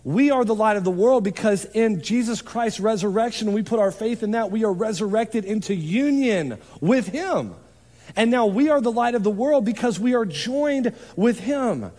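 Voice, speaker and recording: A man preaching a sermon as pastor, in a conversational, animated way with quick asides. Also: high-pitched. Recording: long hall reverb.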